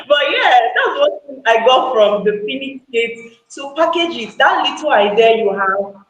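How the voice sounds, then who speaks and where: A woman speaking excitedly on a live call, sharing a testimonial, repeating her points for emphasis and laughing often. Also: high-pitched, moderate pace. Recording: echoey room with faint background noise.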